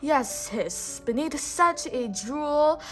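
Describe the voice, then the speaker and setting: A woman reading aloud, voicing a vain, spoiled prince in loud, commanding bursts. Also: high-pitched, lively intonation, takes it slowly, faint music behind, exaggerated voice. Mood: imperious. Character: vain spoiled royal male lion prince.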